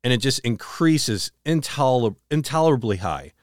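A man co-hosting a podcast, retelling a story earnestly with halting restarts and a hushed, slowed delivery on dramatic moments. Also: expressive, dry recording, studio quality. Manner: slows and drops to a low hush on dramatic moments. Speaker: podcast co-host. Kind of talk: casual storytelling chat.

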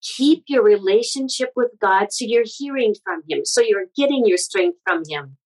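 A middle-aged woman from the Midwest, a guest speaker sharing personal stories in an interview, earnest and animated. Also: mid-range voice, normal speed, low-quality recording. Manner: earnest, animated storyteller with frequent restarts. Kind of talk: conversational interview storytelling.

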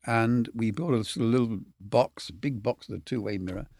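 A man's voice: medium pitch, fairly quick, darkish tone, no room sound, clean studio sound. An older man, a film cameraman telling rambling, candid stories as a guest. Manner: rambling, candid, swears casually, chuckles. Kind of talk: anecdotal storytelling.

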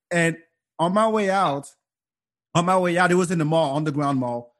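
A man's voice: a little high, normal speed. A man telling stories in a casual podcast chat, acting out the people in them. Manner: animated, acts out voices in stories. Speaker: comedian guest.

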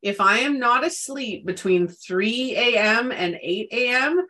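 A woman's voice: fairly high pitch, expressive, measured pace, pushed and bright. A woman co-hosting a casual wellness chat, who talks emphatically and repeats words for stress. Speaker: podcast co-host.

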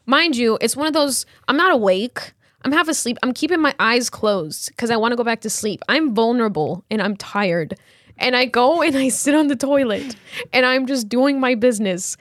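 Animated young woman telling a story. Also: fairly high pitch, normal speed, no echo, clean studio sound. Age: 20s. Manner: animated storytelling, laughs often. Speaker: podcast co-host. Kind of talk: casual chat.

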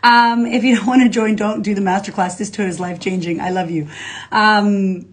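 On a laid-back livestream, a female life coach chats with her followers in an energetic, slang-heavy, profane style and reads viewer comments aloud. Her voice sits at a medium pitch, and she speaks at a moderate pace.

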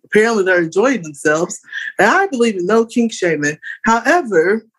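A woman's voice: medium pitch, lively intonation, moderate pace, slightly rough. A chatty woman on a casual panel, thinking aloud as she gives her opinion. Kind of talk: casual group chat.

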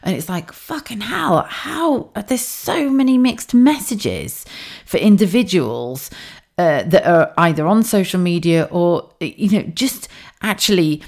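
A woman's voice: fairly low pitch, animated, unhurried, a little mellow. A woman hosting a solo podcast, talking frankly and swearing freely, with laughs, asides and rambling restarts. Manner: rambling, self-correcting delivery. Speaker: podcast host. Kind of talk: candid solo podcast monologue.

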